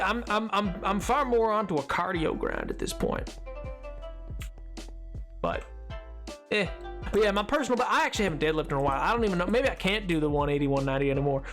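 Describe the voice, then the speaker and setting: Brief: young male streamer, high voice, rambling casual chat, faint music behind. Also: fairly bright tone. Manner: rambling, talks to chat, many restarts and fillers.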